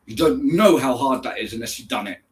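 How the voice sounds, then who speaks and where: A man's voice: mid-range voice, expressive, brisk. A man from England chatting casually on a live stream, answering viewers by name and slipping into German now and then. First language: English. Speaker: livestreamer reading chat.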